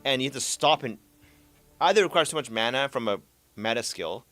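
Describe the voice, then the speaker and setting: Animated man in casual gaming chat. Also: medium pitch, brisk, faint music behind. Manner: animated, laughs often, trails off and repeats words. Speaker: podcast host.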